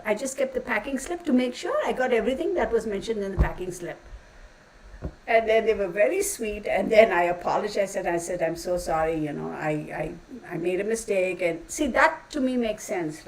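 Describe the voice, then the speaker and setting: A woman's voice: on the high side, darkish tone, distant mic, rough recording. A woman talking casually to her channel, blunt and exasperated, swearing now and then and using folksy insults. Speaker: channel host. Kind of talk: casual ranting vlog.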